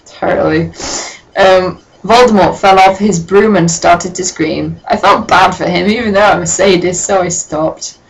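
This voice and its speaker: A woman doing a comedic dramatic reading of a story, breaking off with sarcastic, sweary, deadpan asides. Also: on the low side, a little slow, rough recording. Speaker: reader and commentator.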